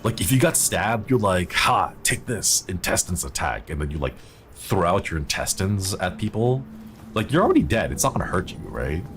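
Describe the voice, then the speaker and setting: Male game streamer, low register, very animated delivery, rambling and playful. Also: a little fast, a little hiss or hum. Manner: rambling, jokey, easily excited. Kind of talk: casual gameplay commentary.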